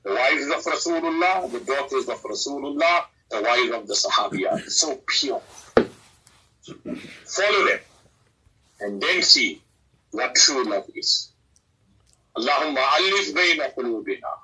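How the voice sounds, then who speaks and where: A man's voice: medium pitch, expressive, moderate pace, sharp tone, husky, poor audio. A man, an Islamic scholar answering questions in an earnest, exhorting manner that rises emphatically. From South Africa. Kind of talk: preaching, lively religious talk.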